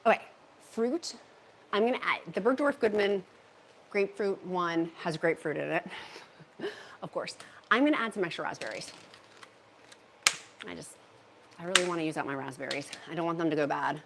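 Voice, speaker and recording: A chatty, bubbly woman hosts a casual livestream from her home kitchen. Her voice sits a bit low for a woman. She talks into a handheld phone as she reads out viewer comments. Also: lively intonation, moderate pace, creaky, pauses often, fairly bright tone, slight background noise. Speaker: livestream host. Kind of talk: casual livestream chat while meal prepping.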